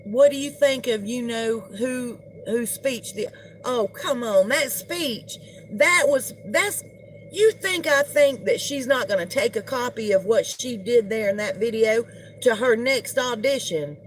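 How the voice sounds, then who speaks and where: A woman's voice: fairly high pitch, unhurried, slight background noise. A middle-aged woman, hosting a casual live-stream gossip chat and greeting viewers as she talks. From United States. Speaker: livestream host.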